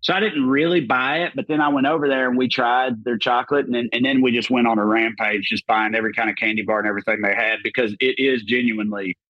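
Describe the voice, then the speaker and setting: Southern American male comedian, loose profane storyteller, mid pitch, dry recording. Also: steady tone, fast, hardly any pauses, dry recording, muffled recording. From Southern United States. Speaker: podcast guest, comedian. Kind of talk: casual chat.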